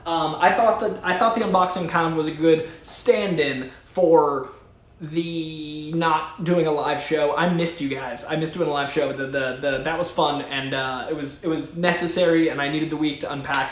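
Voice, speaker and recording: A man's voice: on the high side, roomy sound. A man hosting a casual live stream, chatting with enthusiasm and reading viewer messages aloud. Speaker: host. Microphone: studio mic.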